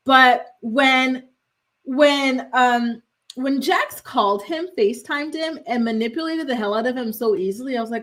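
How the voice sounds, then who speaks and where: Young woman host, higher-pitched voice, chatty and animated, reads viewer comments between laughs. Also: moderate pace. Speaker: host of a morning gossip show. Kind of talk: casual livestream chat reading comments.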